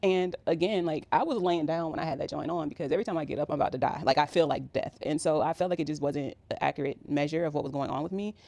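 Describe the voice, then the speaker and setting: A woman's voice: deep voice, fast talker, hardly any pauses, a little mellow. A woman in her thirties telling a personal story in a casual, rambling way, with many fillers. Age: 30s. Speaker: vlogger.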